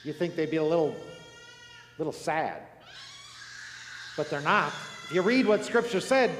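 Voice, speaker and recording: A male pastor preaching a sermon earnestly, moving between emphatic lines and hushed, solemn ones. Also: a little high, lively intonation, a little slow, a little hiss or hum. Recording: echoey hall with long reverb.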